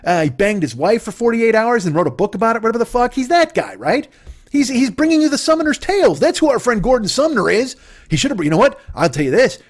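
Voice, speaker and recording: High, animated man riffing profanely. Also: fast. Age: 40s. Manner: profane, rambling, riffing on tangents. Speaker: podcast host. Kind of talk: rambling comedic monologue.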